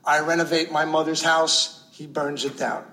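A middle-aged man spins a personal story in a loose, conversational way. He peppers it with "you know" and keeps a wry edge. His voice sits slightly high and sounds bright and forward. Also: flat delivery, normal speed, low-quality recording.

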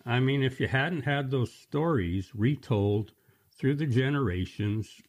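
A man's voice: mid-range voice, animated, unhurried. A man hosting a show about stories, interviewing a guest in an attentive, affirming way. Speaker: host of a story show. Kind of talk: interview conversation.

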